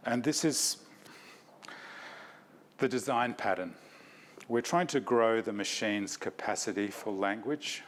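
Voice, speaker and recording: A man's voice: lowish voice, takes it slowly, pauses often, slight background noise. A man giving an academic talk, reflective and self-deprecating, in a lecture hall.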